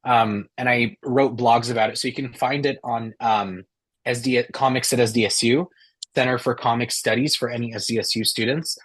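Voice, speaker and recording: A man's voice: medium pitch, steady tone, normal speed, fairly bright tone. A man co-hosting a casual fan podcast, talking enthusiastically with many fillers and restarts. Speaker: podcast co-host.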